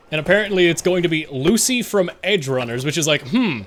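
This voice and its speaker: A man's voice: fairly high pitch, fast talker, hardly any pauses, a bit bright, a little hiss or hum. A male streamer giving casual gameplay commentary, rambling and self-mocking with frequent laughs.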